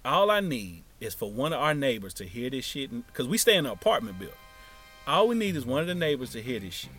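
Animated, profane male storyteller. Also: mid-range voice, fast, slightly rough, soft background music. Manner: animated, profane, swings from hushed to loud. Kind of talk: casual storytelling.

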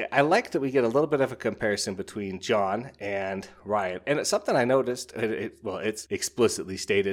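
Chatty man reviewing a novel. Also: lowish voice. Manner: chatty, animated, retells scenes in quoted voices. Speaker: book podcast host. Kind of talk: casual book review monologue.

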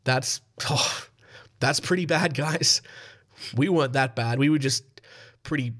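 A man with an Australian accent, sick and hoarse, hosting a podcast in a rambling, joking way and swearing freely. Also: mid-range voice, a little slow, fairly bright tone. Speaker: podcast host. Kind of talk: casual comedic podcast monologue.

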